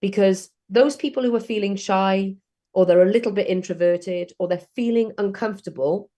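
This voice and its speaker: A woman's voice: medium pitch, normal speed, dark tone. A middle-aged woman from South Wales, telling networking stories in a chatty way during an online training session. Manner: chatty storytelling.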